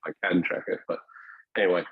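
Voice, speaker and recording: Male guest on a video call, rambling and hesitant, husky, thin phone-like audio. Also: deep voice, flat delivery, fast, no echo. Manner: rambling, hesitant, many restarts and fillers. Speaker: podcast guest, weightlifting media founder. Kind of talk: casual conversational interview.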